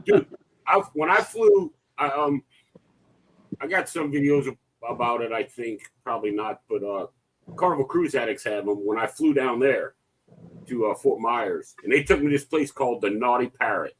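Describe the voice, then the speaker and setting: A man co-hosting a live cruise chat, telling a funny story in an animated, excitable way. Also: medium pitch, normal speed, slightly rough, poor audio. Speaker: podcast co-host.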